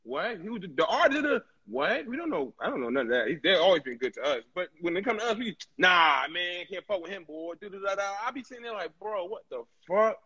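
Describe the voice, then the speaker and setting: Podcast co-host, man, slightly high husky voice, blunt and profane, dull lo-fi recording. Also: big pitch swings, quick pace, few pauses, sharp tone. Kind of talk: casual chat.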